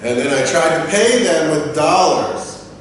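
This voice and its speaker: A man's voice: unhurried, slight background noise. A man teaching a business English lesson, telling customer service stories and acting out staff and customers. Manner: animated storyteller, acts out quoted staff in a higher voice. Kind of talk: lecture with personal anecdotes. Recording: echoey room, mic far off.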